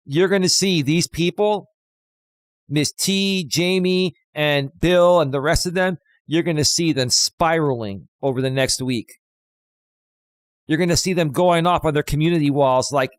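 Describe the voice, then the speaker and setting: A man's voice: fairly high pitch, no echo. Combative man ranting on a livestream. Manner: combative, taunting, repeats himself for emphasis. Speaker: livestream host. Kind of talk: confrontational livestream rant.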